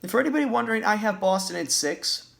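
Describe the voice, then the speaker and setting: A man's voice: sits high, lively intonation, quick pace, creaky, a bit bright. A man ranting as a basketball fan in a vlog, agitated, profane and repeating himself. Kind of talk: sports rant vlog.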